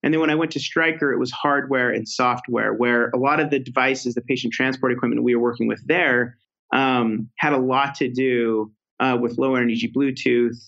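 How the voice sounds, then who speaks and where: A man speaking as a guest on an interview podcast, telling stories in a loose, conversational way. He circles back and restarts his sentences often, with plenty of fillers along the way. His voice sits at a middle pitch, and the audio sounds a little dull and muffled. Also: fairly even intonation, moderate pace, vocal fry, fairly bright tone. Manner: rambling, many fillers and restarts. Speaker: podcast guest, product executive.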